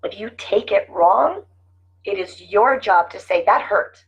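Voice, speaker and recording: A woman's voice: medium pitch, lively intonation, a little slow, breathy edge. A middle-aged woman giving casual, earnest life-coaching talk to her viewers, often repeating her phrases. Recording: dull lo-fi sound.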